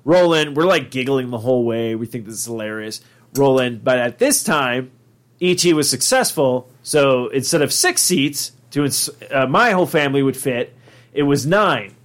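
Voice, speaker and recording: A man's voice: mid-range voice, expressive, moderate pace. A man with a mid-range voice tells a comic story on a podcast. He rambles, piles on fillers and swears freely, keeping it casual and conversational. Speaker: podcast host.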